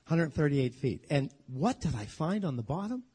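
A man teaching a sermon as a humorous, animated story, acting out the voices of the people in it. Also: a little high, normal speed, slightly rough. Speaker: Bible teacher.

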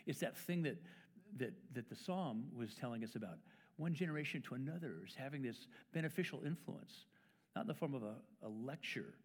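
A man's voice: mid-range voice, a little mellow. A middle-aged man preaching a sermon in a church, conversational and playful, acting out quoted fathers with stammers and asides. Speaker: pastor. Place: church sanctuary.

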